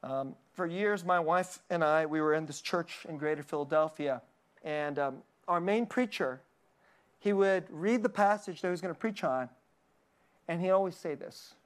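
A woman's voice: fairly low pitch, moderate pace. A woman preaching a sermon in a conversational, joking way, often laughing at herself and restarting her sentences.

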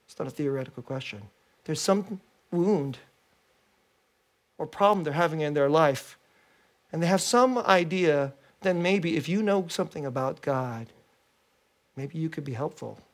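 A pastor giving a sermon in an animated, conversational storytelling manner. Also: mid-range voice, a little slow, long pauses.

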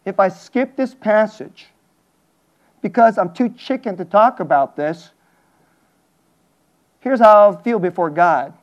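A man preaching a sermon as a pastor, earnest and animated, often chuckling and stammering as he talks. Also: high voice, slow, long pauses, highs cut off.

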